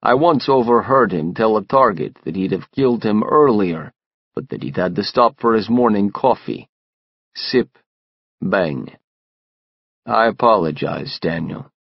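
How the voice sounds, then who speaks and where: Low, gravelly male audiobook narrator. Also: expressive, a little slow, no echo, muffled recording. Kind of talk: first-person audiobook narration.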